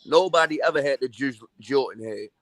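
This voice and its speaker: A man from Baltimore with the city's accent, chatting in a relaxed, slangy way during a sports debate. His voice sits in a middle register and stays easygoing. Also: medium pitch, fairly quick, no room sound.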